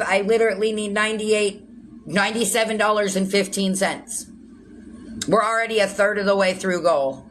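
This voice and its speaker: A woman's voice: medium pitch, fairly bright tone, a little hiss or hum. A woman chatting casually on a livestream, answering viewer comments and turning snappy at rude ones.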